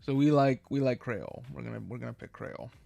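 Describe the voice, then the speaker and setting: A man streaming a game live, chatting casually and thinking aloud with many halting restarts. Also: medium pitch, gravelly, dark tone, faint music behind.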